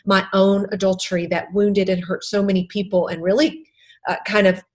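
Her pitch is medium with little movement and her speed is normal. The middle-aged woman, an author and ex-counselor guesting on a podcast, talks tearfully and earnestly about faith, emphasizing and repeating key phrases.

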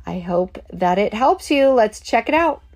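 A middle-aged woman, hoarse from being sick, hosting a casual, chatty podcast. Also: mid-range voice, lively intonation, measured pace, darkish tone. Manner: chatty, upbeat, laughs often. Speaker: podcast host.

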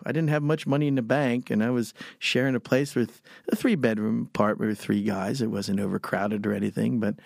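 A man's voice: mid-range voice, vocal fry, darkish tone, no room sound, studio quality. An older man from Pennsylvania telling rambling, chuckling stories in casual conversation as an interview guest. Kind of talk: casual storytelling.

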